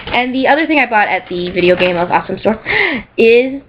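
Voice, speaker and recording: Woman vlogger, mid-pitched, excitable and rambling, giggles often, slightly dull lo-fi recording. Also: fairly quick, a little hiss or hum. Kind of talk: casual chat showing off purchases.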